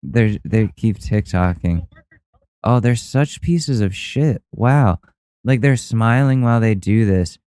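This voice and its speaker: A man hosting a podcast, reacting to online clips in a loose, mocking way with plenty of swearing and laughter. His voice sits low and mellow, smooth in tone, recorded dry and close. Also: expressive, slow pace, no echo. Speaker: podcast host. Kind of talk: casual commentary on viral clips.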